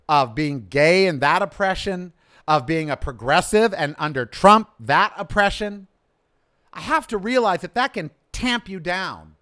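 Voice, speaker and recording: A man hosting his own podcast, delivering a fiery, blunt monologue that keeps swinging between quiet and loud. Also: sits high, clean tone. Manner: fiery, blunt, ranting with big swings in loudness. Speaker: podcast host.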